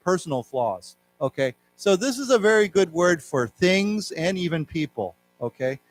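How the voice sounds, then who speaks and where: Male English teacher at a library talk, slightly high-pitched, explains words and has the class repeat them. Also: lively intonation, normal speed, few pauses, faint music behind. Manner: explains word meanings, leads class repetition. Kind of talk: live English lesson for learners. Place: library lecture room.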